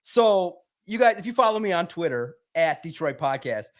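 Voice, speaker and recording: A man with a high-pitched voice tells a story on a sports podcast in a casual, energetic way. He talks like he's hanging out with friends, lively and animated. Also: moderate pace. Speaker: podcast guest, sports publisher.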